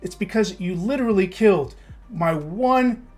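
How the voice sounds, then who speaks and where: A man's voice: sits high, expressive, normal speed, faint music behind. Man streamer venting with heated profanity. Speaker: game streamer. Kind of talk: casual stream intro turning into a rant.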